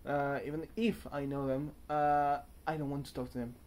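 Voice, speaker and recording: A man's voice: on the high side, little pitch movement, moderate pace, a little mellow, a little hiss or hum. A young man talking to camera from a hotel room in a casual, rambling vlog, chatty and self-mocking as he wanders off on tangents. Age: young adult. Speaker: vlogger.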